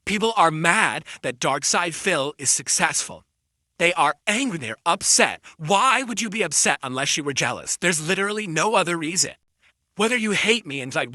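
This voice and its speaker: A man's voice: sits high, sing-song, moderate pace, sharp tone, no echo, clean studio sound. A man streaming live, ranting defensively at his critics and insulting them.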